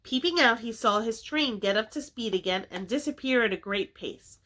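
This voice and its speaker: Bright-voiced woman reading a storybook. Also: a little high, moderate pace. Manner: expressive, animated. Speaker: children's book reader. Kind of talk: storybook read-aloud.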